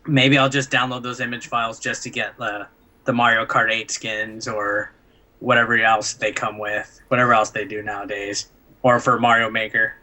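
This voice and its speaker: A man co-hosting a casual gaming chat, talking in halting, filler-heavy bursts. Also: fairly low pitch, little pitch movement, pushed and bright, low-quality recording. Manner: hesitant, lots of fillers and restarts. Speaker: co-host.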